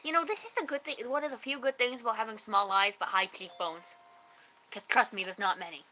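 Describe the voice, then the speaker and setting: A woman's voice: mid-range voice, bright, forceful tone, slight background noise, poor audio. A woman, joking around playfully in a casual chat at home. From Canada. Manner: playful, joking, quick to laugh. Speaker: guest on a livestream chat.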